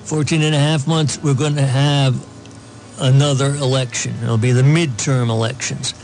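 A man's voice: medium pitch, fairly even intonation, moderate pace, darkish tone, faint music behind. A man giving casual political commentary, reading news aloud with sarcastic asides and plenty of ums. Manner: sarcastic asides, many fillers.

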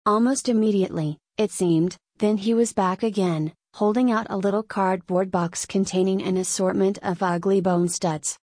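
Woman, audiobook narrator, measured storytelling, dry close sound. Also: medium pitch, steady tone, a little mellow, no echo.

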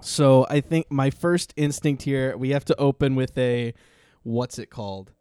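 A man's voice: medium pitch, unhurried, dark tone, smooth, dry recording. A man co-hosting a podcast in casual chat, teasing his partner and thinking aloud with hesitations. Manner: teasing, hesitant when composing. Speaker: podcast co-host.

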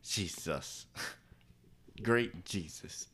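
Man, podcast co-host, casual chat, low voice, very lively pitch, laughs often. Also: extremely slow, husky. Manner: animated storytelling, acts out quotes in high squeaky voices, laughs a lot.

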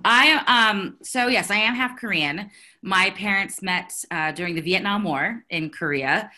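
Dark-voiced woman comedian guest. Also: medium pitch, a little slow. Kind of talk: interview chat.

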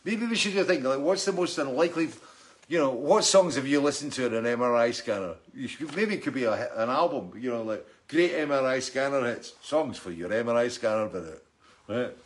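A man's voice: mid-range voice, animated, a little fast. A rambling, chatty man hosting a livestream. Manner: rambling, chatty, with frequent restarts and laughs. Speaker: musician hosting a weekly livestream. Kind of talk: casual livestream chat reading viewer comments.

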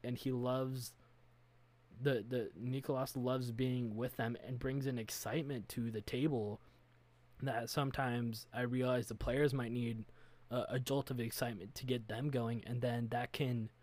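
A man with a mid-range voice talks about his tabletop game in a casual podcast chat. He sounds earnest and works through his thoughts out loud. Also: medium pitch, level tone, unhurried. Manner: earnest, thinking aloud. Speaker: game master, podcast co-host.

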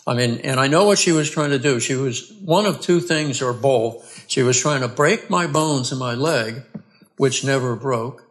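A man, a podcast guest, earnestly telling his own story in a halting way, restarting and repeating words. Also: mid-range voice. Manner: earnest and plain-spoken. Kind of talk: conversational storytelling.

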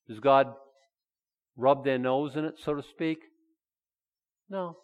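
Folksy, animated preacher man. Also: mid-range voice, measured pace, long pauses, big-room sound, dull audio. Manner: folksy and animated, acts out Bible figures in dialogue. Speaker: pastor. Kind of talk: conversational sermon.

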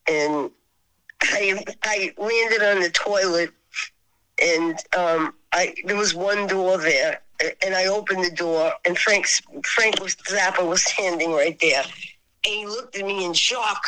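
A woman with a bright, forceful voice tells stories in a casual interview. She rambles with lively energy and breaks into laughter often. She sounds like the rock singer she is. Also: fairly low pitch, slow pace, poor audio.

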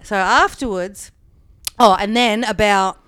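A woman's voice: medium pitch, slow, a bit bright, clean tone, dry recording. A woman comedian telling a long story in casual chat, full of "like" and acting out the quoted lines. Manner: chatty, peppered with "like", acts out quoted dialogue.

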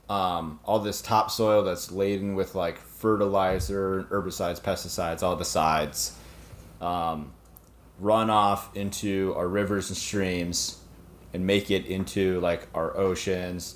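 A man co-hosting a casual podcast discussion, relaxed and quick to laugh, swearing now and then. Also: low-pitched, slight background noise. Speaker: podcast co-host.

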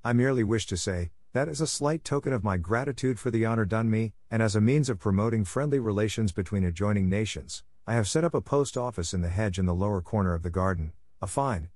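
A playful, gallant teenage boy, read by a man with a low voice delivers a mock-formal speech with winning charm. It is a storybook reading, recorded close and dry. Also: a little mellow, dry recording. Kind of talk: audiobook character voice.

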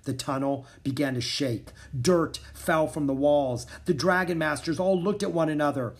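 A man narrating a children's storybook in an expressive, dramatic reading style. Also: a little high, moderate pace. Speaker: audiobook narrator.

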